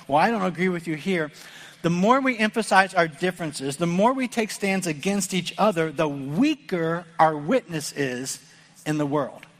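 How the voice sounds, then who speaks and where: Man, middle-aged pastor, from the Midwest, sermon, conversational and earnest, slightly high voice, long church-hall reverb. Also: a bit bright. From American Midwest. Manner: earnest, conversational preaching with repeated restarts.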